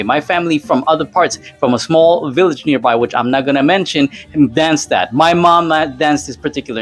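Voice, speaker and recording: A man's voice: fairly high pitch, no room sound. A middle-aged man from Colombia giving a heated, rambling commentary that often corrects itself. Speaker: commentary YouTuber. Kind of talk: casual commentary rant.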